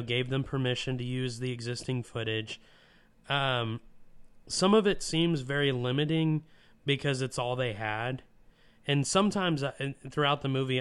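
A man in a casual podcast chat, his voice smooth and clear at a middling pitch. He talks with warm enthusiasm, stumbling through restarts and fillers as he gets caught up in feeling. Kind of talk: casual film discussion.

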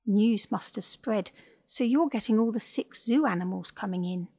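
A shy, eager little spider monkey in a storybook, as a woman reads it, talking softly and modestly in a gravelly, slightly husky voice. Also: mid-range voice, normal speed. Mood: earnest.

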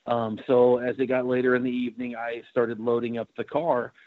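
A man's voice: mid-range voice, flat delivery, a little fast, no room sound. A man who works as a paranormal investigator, telling his story in a casual interview with lots of fillers and restarts. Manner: rambling, many fillers and restarts. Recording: dry, slightly muffled recording.

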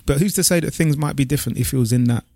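A man, co-hosting a podcast in relaxed, reflective casual chat and dropping slang like "bruv". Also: mid-range voice, very fast, no echo, studio quality. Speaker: podcast co-host.

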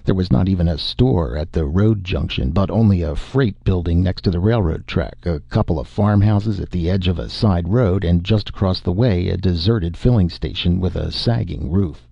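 Audiobook narrator, man, very low and gravelly, slightly husky, dry close recording. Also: no room sound, highs cut off. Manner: steady, measured storytelling.

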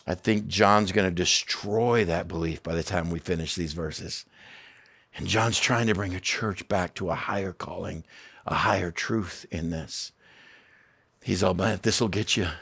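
Earnest middle-aged male pastor, low voice. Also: unhurried, creaky, fairly bright tone, husky. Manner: earnest, emphatic, repeats key phrases; casual asides. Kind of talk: sermon.

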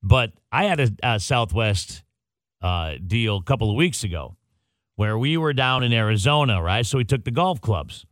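A man hosting a morning radio show, telling a story in a casual, animated way and acting out the dialogue. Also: mid-range voice, normal speed, dry recording.

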